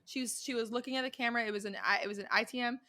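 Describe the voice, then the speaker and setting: A young woman co-hosting a podcast in a casual, animated chat, often restarting her sentences and swearing. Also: fairly high pitch, very fast. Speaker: podcast co-host.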